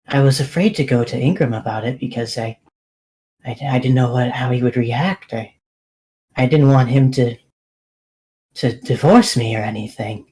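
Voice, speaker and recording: A man's voice: medium pitch, a little mellow, slight background noise, natural voice, rough recording. A man voicing a nervous, guilty middle-aged woman who stammers and repeats her words.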